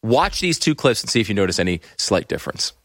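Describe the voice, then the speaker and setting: A man's voice: fairly low pitch, big pitch swings, fast talker, fairly bright tone, dry recording, clean studio sound. A man hosting a casual political comedy podcast, sarcastic and laughing often. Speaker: podcast host.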